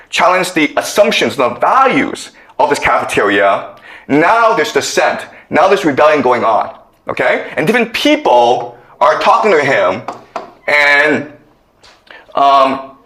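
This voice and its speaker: A man's voice: a little high, a bit bright. A man giving a lecture, telling a story and often checking in with okay. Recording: echoey room.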